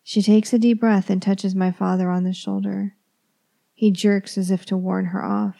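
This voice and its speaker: A woman tells a first-person horror story in a calm, measured voice that sinks to a hush at times. Her tone is dark and mellow, with a gravelly edge. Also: medium pitch. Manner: calm, measured, dropping into whispers.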